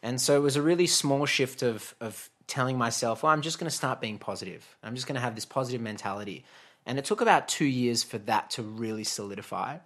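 A man's voice: mid-range voice, lively intonation, quick pace, a bit bright. A man, telling a long personal story as a guest in a casual interview, chatty and laughing, with many fillers and restarts.

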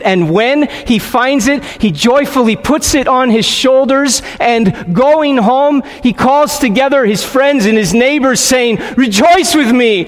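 High-voiced pastor in a reverberant hall. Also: male voice. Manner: earnest, pausing, with frequent restarts. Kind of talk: sermon with guided prayer and scripture reading.

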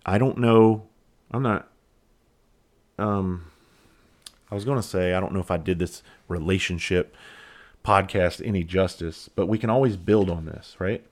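A man hosting a podcast, talking candidly and reflectively, blunt and quick to swear. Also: deep voice. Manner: reflective, halting. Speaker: podcast host. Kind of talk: casual solo podcast monologue.

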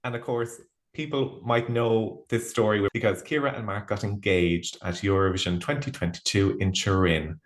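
A man's voice: lowish voice, fairly even intonation, normal speed. A man co-hosting a podcast, reading a news roundup playfully and then chatting casually. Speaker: podcast co-host.

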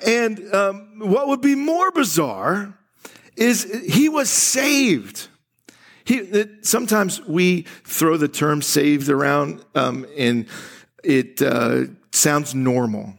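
A man's voice: a little high, animated, takes it slowly, creaky. A man preaching a sermon at a church service in a conversational way, often restarting his sentences. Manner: conversational, laughing often, acting out quoted voices; frequent restarts and stammered starts. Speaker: pastor.

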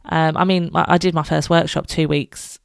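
Low, gravelly British woman chatting. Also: level tone, normal speed, no echo, clean studio sound. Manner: chatty, candid, laughs often, swears freely. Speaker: podcast host. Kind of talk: casual solo podcast chat.

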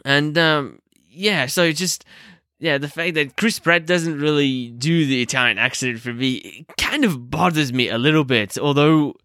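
Bright-voiced man hesitantly reviewing a film. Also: fairly high pitch, moderate pace, no echo, clean studio sound. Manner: hesitant, many fillers and self-corrections. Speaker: movie review host. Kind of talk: casual spoken film review.

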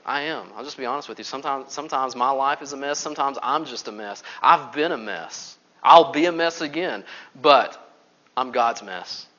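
A man preaching a sermon, telling stories with animated swings from loud to hushed. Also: mid-range voice, moderate pace, muffled recording. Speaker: pastor.

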